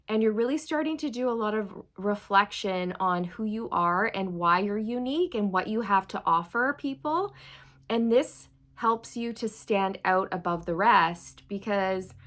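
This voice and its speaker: A woman talking to camera in a chatty, animated way as she gives a channeled tarot reading to her viewers. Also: mid-range voice, unhurried. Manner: chatty, animated, addresses viewers as "you guys". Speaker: tarot reader.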